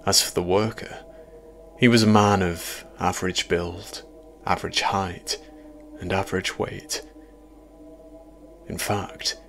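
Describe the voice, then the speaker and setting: A man narrating a first-person horror story in a measured, quietly ominous way. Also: deep voice, vocal fry, slight background noise.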